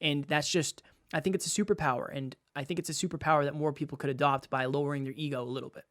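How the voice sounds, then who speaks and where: A man co-hosting a podcast, talking in an animated way and repeating phrases as he makes his point. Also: a little high, quick pace, no echo, clean studio sound. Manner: animated, uses sports analogies, repeats phrases. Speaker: podcast co-host. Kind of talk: casual podcast talk.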